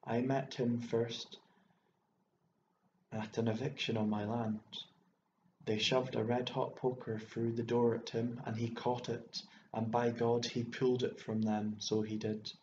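Excitable old bachelor rambling on , read by a guy, flat low-key voice, echoey room, kinda muffled. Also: unhurried, natural voice. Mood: reminiscing. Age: older. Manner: rambling, exclamatory, stammering when worked up. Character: fussy elderly male bachelor landowner, excitable. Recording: echoey room, dull lo-fi sound, faint hiss.

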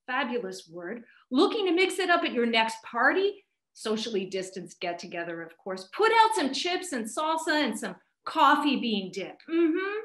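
High-voiced woman, comic debater, animated delivery, echoey video-call room. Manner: playful, theatrical emphasis. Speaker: faculty debater. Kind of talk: comedic debate speech.

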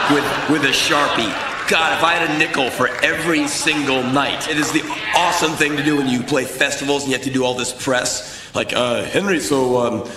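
Intense, profane man telling stories live. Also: mid-range voice. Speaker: spoken word performer. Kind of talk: live spoken word storytelling. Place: stage in a large venue. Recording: echoey live venue with crowd noise.

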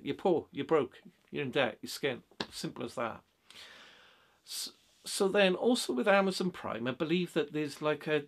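A man giving blunt, rambling money advice in a casual vlog monologue, full of fillers and restarts. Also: a little high. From Britain. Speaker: vlogger.

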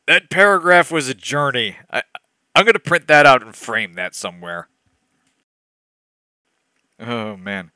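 A man's voice: on the low side, measured pace, long pauses, sharp tone, clean tone, dry recording. A man reading a badly written novel aloud as a let's play host, breaking off for sarcastic, laughing asides. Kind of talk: comedic dramatic reading with commentary.

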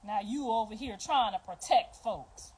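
A middle-aged woman ranting on a livestream, profane and confrontational, swinging between loud outbursts and hushed, bitter remarks. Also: fairly high pitch, a little slow, husky, poor audio. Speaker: livestream host. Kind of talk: emotional livestream rant.

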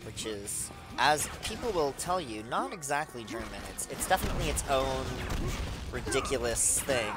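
A man in his thirties talks over a video game while stoned, wandering from one tangent to the next and breaking into excited outbursts. His pitch swings widely as he talks. Game music plays clearly underneath. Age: 30s. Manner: rambling, digressive, with excited outbursts. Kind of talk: casual gameplay commentary.

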